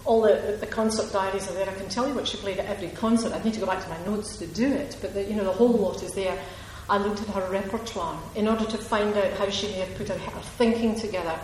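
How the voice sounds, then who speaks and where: Chatty author in an echoey hall. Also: female voice, mid-range voice, steady tone, quick pace, hardly any pauses, darkish tone. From Ayrshire, Scotland. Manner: chatty, digressive, laughs often, emphatic. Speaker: author at a reading. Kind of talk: audience Q&A answer. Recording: echoey hall with faint noise.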